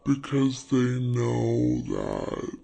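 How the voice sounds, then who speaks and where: Guy doing a slowed-down flirty gal fussing over her man, super draggy and gravelly, comedy bit. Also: medium pitch, flat delivery, mellow, exaggerated voice, low-quality recording. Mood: musing. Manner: drawn-out, halting and teasing. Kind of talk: slow-motion comedy skit.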